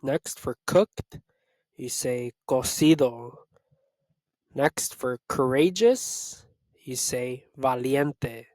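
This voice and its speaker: A man teaching Spanish, reading a vocabulary list and repeating each word slowly to drill it. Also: mid-range voice, a little mellow, no echo. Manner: slow, repetitive word-by-word drilling. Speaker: Spanish tutor. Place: Los Angeles area.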